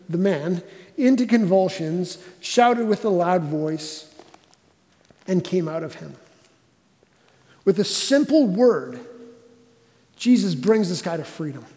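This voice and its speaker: High-voiced preacher in a reverberant hall. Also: male voice. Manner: conversational, animated preacher asking the room questions. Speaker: pastor. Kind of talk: sermon.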